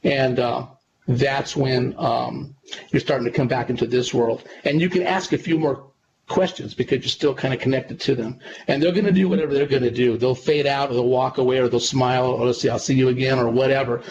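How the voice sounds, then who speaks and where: A man, a psychic medium guest on a radio interview, telling stories in a relaxed, rambling way and repeating himself. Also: medium pitch, brisk, crowd noise. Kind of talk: conversational radio interview storytelling. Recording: dull lo-fi sound with clear background noise.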